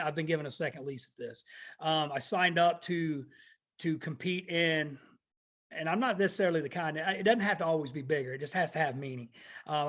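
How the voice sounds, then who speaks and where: A man's voice: on the high side, a bit bright. A man who is a veteran and podcast host, telling his story in a plainspoken, easygoing way with frequent ums. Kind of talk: casual storytelling chat.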